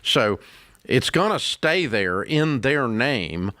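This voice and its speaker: A man, hosting a call-in advice show, blunt and emphatic, his pitch climbing as he rants. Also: big pitch swings, slow pace, sharp tone, dry recording, studio quality. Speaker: radio show host.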